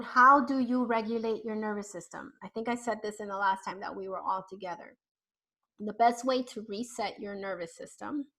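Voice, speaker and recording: A woman parenting therapist coaching parents on a video call, deliberately swinging her voice from high to low. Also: fairly bright tone, low-quality recording.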